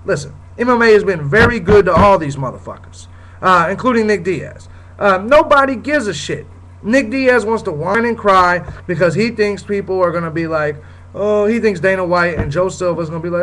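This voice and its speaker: In a low-quality recording with a little hiss or hum, a high-pitched man speaks at normal speed in a slightly bright voice. He is the host of his own show, ranting heatedly and bluntly, cursing often and repeating "you know what I'm saying."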